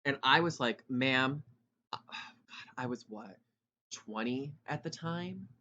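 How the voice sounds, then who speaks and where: Young male podcast host, chatty and loud, bright voice, lo-fi dull recording. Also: mid-range voice, expressive, slight background noise. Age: 20s. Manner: talks fast and loud, rambling asides. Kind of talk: casual solo podcast chat.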